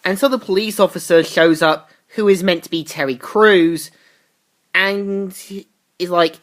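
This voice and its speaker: A woman's voice: fairly low pitch, measured pace. A woman reviewing a comic book, recapping the plot casually with asides.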